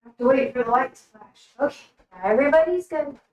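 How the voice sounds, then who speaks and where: Young woman rambling on a cooking stream, kinda high voice, chatty. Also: lively intonation, fast talker, dull audio. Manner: rambling, talks baby-voice to her pets. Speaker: livestreamer. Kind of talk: casual chat while cooking.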